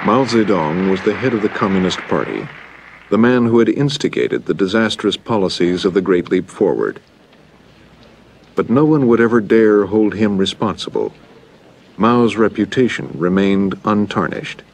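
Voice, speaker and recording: A man giving measured, grave scripted documentary narration. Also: on the low side, gravelly, slight background noise.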